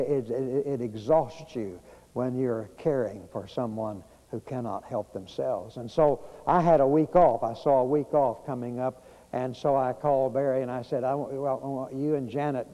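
A man, preaching a storytelling sermon in a church, folksy and conversational with many pauses and fillers. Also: mid-range voice, dark tone, long reverb tail, rough recording. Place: church sanctuary.

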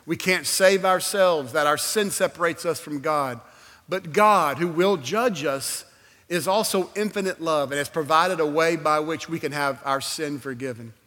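A man preaching a sermon, telling a personal story with animated swings from loud exclamations to a hushed altar call. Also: a little high, normal speed. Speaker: guest preacher. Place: church sanctuary. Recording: long hall reverb.

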